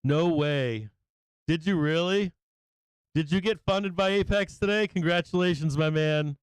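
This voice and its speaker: An excitable man hosts a live stream, calling out viewers one by one with loose, profane enthusiasm and a catch of emotion in his voice. His voice sits high and comes through smooth and clear. The sound is dry and close, with no room around it. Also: measured pace, dry recording. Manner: excited, swearing, greeting viewers by name. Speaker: livestream host. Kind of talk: casual live-stream shout-outs.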